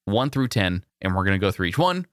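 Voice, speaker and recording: Podcast guy, low but bright voice, lively ups and downs, dry sound. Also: brisk, no echo. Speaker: podcast co-host. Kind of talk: casual podcast chat.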